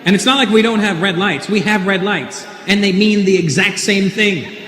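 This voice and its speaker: A man's voice: high voice, moderate pace, pushed and bright. A Canadian male stand-up comedian tells wry observational stories. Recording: echoey live hall recording. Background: audience laughter.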